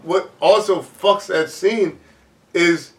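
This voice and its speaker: A man in casual chat about a movie, agreeing often with short quick replies. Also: high-pitched, steady tone, a bit bright, echoey room, far from the mic. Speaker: podcast co-host discussing a movie.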